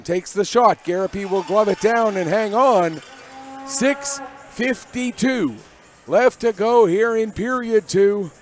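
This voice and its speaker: A man with a high voice calls hockey play-by-play at a quick, energetic clip, and his calls rise on big plays. Faint arena noise sits behind him. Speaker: play-by-play commentator. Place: arena broadcast position above the ice.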